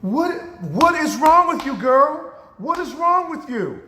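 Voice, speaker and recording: A man voicing an exasperated, hardworking mother who scolds her daughter in a high, shrill voice, heard with echoey hall reverb. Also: big pitch swings, takes it slowly, sharp tone, slight background noise, heavily acted.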